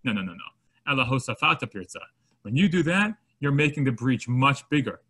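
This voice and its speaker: A man's voice: mid-range voice, fairly quick, slightly rough. A man teaching a Torah class, mixing Hebrew terms into his English and acting out everyday scenes. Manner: animated, acts out scenarios with quoted voices. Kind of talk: Torah lesson to students.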